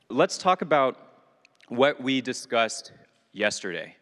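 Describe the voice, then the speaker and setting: A young man giving a talk at a retreat, telling a story with self-mocking humor and lively energy. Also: mid-range voice, moderate pace. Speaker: retreat speaker. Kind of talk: casual talk to a group. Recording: long reverb of a hall.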